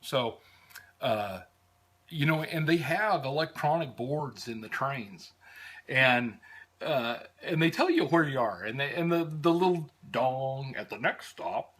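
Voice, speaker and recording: An American man recounts his travels in a loose, rambling storytelling style. He pauses often with "uh" and restarts his sentences, his voice sitting in an ordinary middle pitch. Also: lively intonation. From United States. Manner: rambling, many "uh"s and restarts, warm fondness. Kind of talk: casual storytelling.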